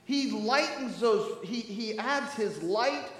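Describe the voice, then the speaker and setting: A man's voice: very high-pitched, animated, takes it slowly, a bit bright. A man preaching a sermon to his congregation in a church, playful and teasing as he talks straight to the people in the pews. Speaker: pastor. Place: church sanctuary. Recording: echoey church hall with long reverb.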